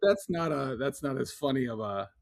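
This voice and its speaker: A man co-hosting a podcast, telling stories in an animated, easily amused casual chat. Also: mid-range voice, normal speed, vocal fry. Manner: animated storyteller, laughs easily. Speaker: podcast co-host.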